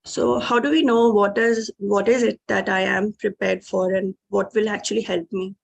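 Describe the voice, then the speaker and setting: A woman's voice: medium pitch, steady tone, normal speed, creaky. A woman, a student asking her teacher a question, hesitant and searching for words.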